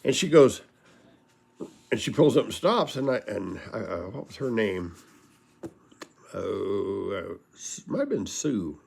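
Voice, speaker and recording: A man's voice: on the low side, expressive, unhurried, creaky, pauses often, darkish tone, slightly rough. A man casually telling personal stories in a folksy, rambling way, often laughing at his own punchlines. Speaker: storyteller.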